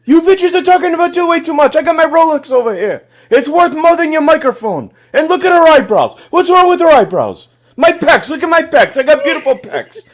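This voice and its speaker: A performer doing an impression of a brash, hot-tempered male streamer who brags and shouts threats. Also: high voice, sing-song, brisk, few pauses. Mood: ranting boast. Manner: ranting, bragging, shouting threats.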